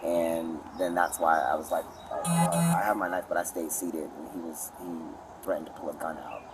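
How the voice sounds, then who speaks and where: A man's voice: low-pitched, steady tone, moderate pace. A man rambling to a police officer outdoors in a park, repeating himself, recorded from a distance on a body camera. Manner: rambling, repeats "literally" and "I was like". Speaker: suspect talking to police. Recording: distant body-cam audio, outdoor noise.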